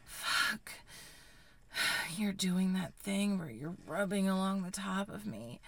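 A woman telling an intimate story in first person in a breathy, sighing, hushed whisper, as a whispered role-play. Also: medium pitch, expressive, takes it slowly, dry recording. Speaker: erotic audio narrator.

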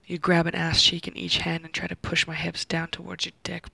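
A woman narrating a first-person erotic story in an intimate voice that slips into soft whispers, with heavy vocal fry. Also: lowish voice, monotone, brisk, few pauses, no echo, low-quality recording.

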